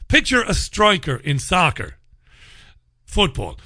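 Crude ranting radio host, high bright voice. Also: male voice, sing-song, unhurried, no echo, clean studio sound. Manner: crude, mocking, loud bursts. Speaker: radio talk show host. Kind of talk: ranting commentary.

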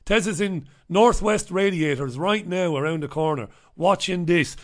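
Middle-aged male radio host, slightly raised pitch, loose joking chatter between listener shout-outs. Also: normal speed, hardly any pauses. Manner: irreverent, rambling, jokey banter. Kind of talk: casual live show chat, reading out listener messages.

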